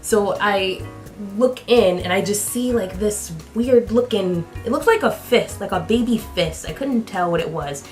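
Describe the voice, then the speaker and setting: A woman's voice: medium pitch, measured pace. Woman vlogger doing a storytime, chatty, lots of "like", faint music under her. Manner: animated, chatty, full of "like" fillers, acting out the people in her story. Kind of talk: storytime vlog.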